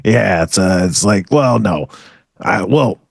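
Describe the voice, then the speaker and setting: Brief: deep raspy man, swaggering deadpan comic storyteller, dry close recording. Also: takes it slowly, no room sound. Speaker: comedy podcast co-host. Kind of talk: improvised comedic bit.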